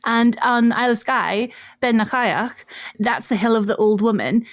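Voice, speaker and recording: A woman's voice: on the high side, moderate pace, no echo, clean studio sound. Laughing woman explaining archaeology. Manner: explains patiently, laughs often. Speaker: podcast co-host, archaeologist. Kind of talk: casual chat.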